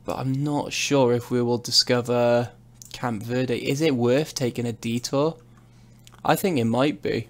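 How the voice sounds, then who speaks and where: This young streamer gives casual live commentary while playing a truck driving game, joking at his own expense and wandering from topic to topic. The intonation of his medium-pitched voice stays fairly even, and he's in no hurry.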